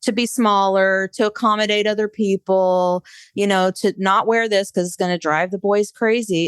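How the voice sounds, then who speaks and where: A woman's voice: mid-range voice, steady tone, moderate pace, clear, resonant tone, no room sound, clean studio sound. A middle-aged woman co-hosting a podcast, speaking in a frank, emphatic, exasperated way. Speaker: podcast co-host. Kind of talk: casual podcast chat.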